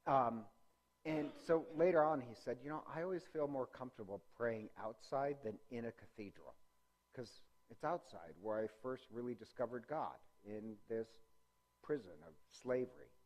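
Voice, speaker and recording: A man's voice: medium pitch, expressive, moderate pace, a little mellow. Man, church class teacher, casual lecture, fillers, self-corrections, joking asides. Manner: rambling, many ums and self-corrections; conversational with jokes. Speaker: parish religious-education teacher. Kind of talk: informal lecture with slides.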